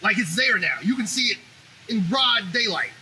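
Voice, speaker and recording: A man hosting a commentary show, ranting in an animated, profane opinionated monologue. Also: high-pitched, moderate pace, slight background noise, rough recording.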